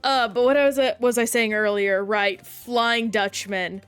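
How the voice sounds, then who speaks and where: A woman's voice: on the high side, fairly even intonation, measured pace, smooth, no echo, soft background music. A woman streaming a game, chatting casually and rambling while reacting to play and chat.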